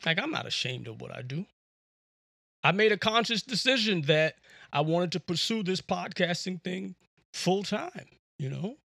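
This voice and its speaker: Bright, rambling male podcast host. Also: high voice, animated, normal speed, vocal fry, dry recording, studio quality. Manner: rambling, jokey storytelling with many fillers. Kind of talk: casual monologue. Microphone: USB podcast microphone.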